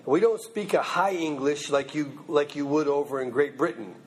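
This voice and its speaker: A man with a slightly high, husky voice speaks at a normal pace, leading an informal Bible class. His style is loose and conversational, and he keeps checking in with listeners through phrases like "okay?" and "you know what I mean?"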